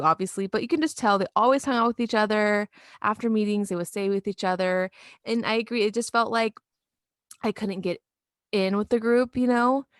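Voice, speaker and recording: A woman in her twenties, co-hosting a podcast, telling a story in an animated way and swearing freely. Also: mid-range voice, no room sound, clean studio sound. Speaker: podcast co-host. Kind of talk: casual chat.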